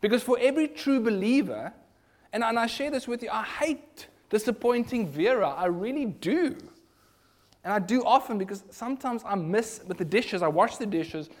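Man, preacher, sermon, high-pitched, earnest, loud emphasis and hushed asides. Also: expressive, normal speed.

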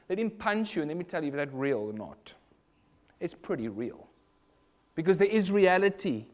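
A man with a South African accent preaching a sermon in an animated, rhetorical way. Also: on the high side, moderate pace. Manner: animated, rhetorical, mimics other voices in quotes.

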